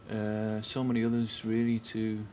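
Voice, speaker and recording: Hesitant northern English man, low voice. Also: monotone, moderate pace, warm tone, slight background noise. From northern England. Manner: hesitant, with many ums and uhs. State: a bit nervous. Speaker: video game guide maker. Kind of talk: casual first-time commentary.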